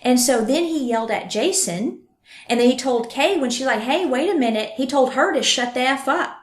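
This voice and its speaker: A woman hosting a true crime podcast, retelling a case with lively acted-out quotes. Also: high-pitched, normal speed, reverberant. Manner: animated, acts out quotes. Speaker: podcast host.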